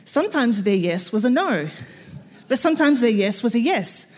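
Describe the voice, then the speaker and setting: A woman's voice: on the high side, moderate pace. A middle-aged Australian woman speaking in church, telling a story and acting out bits of dialogue, often with a laugh. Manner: animated, acts out dialogue with laughter. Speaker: missionary speaker.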